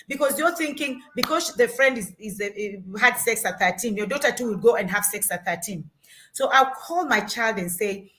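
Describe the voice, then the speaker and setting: A woman's voice: a little high, expressive, moderate pace, pushed and bright. A middle-aged Kenyan woman with a Kenyan accent, giving earnest parenting advice in an emphatic, repetitive storytelling way. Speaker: parenting guest.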